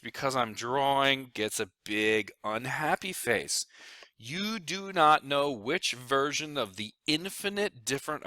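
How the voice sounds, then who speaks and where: Lively joking man explaining finances. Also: medium pitch, dry recording. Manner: joking, animated, talks to himself while drawing. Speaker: financial advisor presenting a video. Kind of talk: casual explainer talk over a screen.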